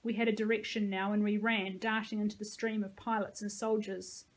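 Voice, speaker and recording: A woman teacher reading a novel aloud with steady, expressive storytelling. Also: mid-range voice, brisk, low-quality recording.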